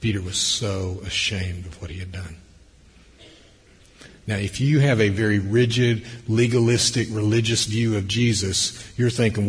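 A man preaching a sermon, swinging between loud emphasis and hushed, near-whispered passages. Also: lowish voice, fairly even intonation, moderate pace, slightly rough. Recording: long hall reverb.

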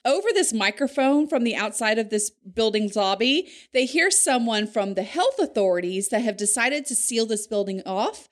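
A woman's voice: on the high side, expressive, moderate pace, few pauses. A woman co-hosting a podcast, retelling a film in casual chat, teasing and laughing a lot. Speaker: podcast co-host.

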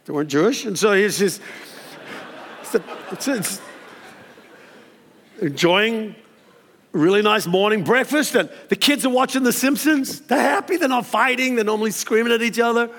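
A man preaching a storytelling sermon, animated and acting out the characters with sudden high exclamations. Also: moderate pace, pauses often. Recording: long hall reverb.

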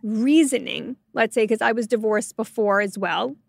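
Animated woman podcast host, bright voice. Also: fairly high pitch, moderate pace, creaky, no room sound, studio quality. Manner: animated storyteller, quotes voices expressively. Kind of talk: conversational interview.

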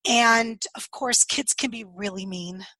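A woman with a slightly hoarse, husky voice, telling her life story in an interview and acting out the dialogue she recalls. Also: fairly high pitch, measured pace, bright, forceful tone, no room sound, rough recording. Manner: storytelling, acts out quoted dialogue, laughs often. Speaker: podcast guest.

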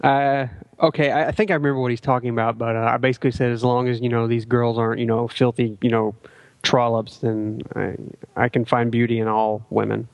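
A man's voice: mid-range voice, flat delivery, gravelly, no room sound. A man co-hosting a podcast, joking and protesting in casual chat. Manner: quick, joking, protests with laughs. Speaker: podcast co-host.

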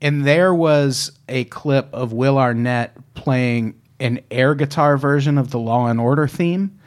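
A man's voice: mid-range voice, a little slow. A man hosting a casual podcast chat, wry and joking, swearing freely. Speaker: podcast host.

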